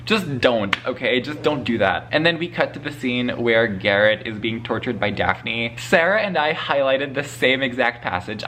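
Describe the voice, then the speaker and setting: A man's voice: mid-range voice, normal speed, few pauses, noisy background. A man chatting casually in a vlog about a book he is reading, swearing freely and laughing often. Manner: profane, gushing and laughing often. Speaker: book vlogger. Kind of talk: casual spoiler vlog talk.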